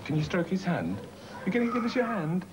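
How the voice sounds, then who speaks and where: A man with a high, bouncy voice that rises and falls widely as he coaxes children to join in. His tone is playful and cheerful, like a children's TV presenter, and the recording has plenty of background noise. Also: very animated, a little fast. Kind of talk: lively talk to children. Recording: noisy TV recording.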